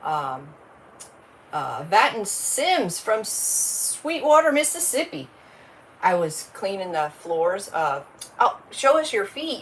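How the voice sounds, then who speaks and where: A woman's voice: mid-range voice, very animated, slow pace, fairly bright tone, slight background noise, rough recording. A woman, hosting a casual crafting livestream, chatty and rambling as she greets viewers by name.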